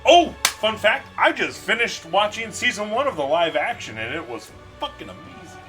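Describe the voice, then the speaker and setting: A housemate chatting casually from across the room, goofy and prone to loud bursts of laughter. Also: mid-range voice, big pitch swings, moderate pace, faint music behind. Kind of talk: casual off-mic chat.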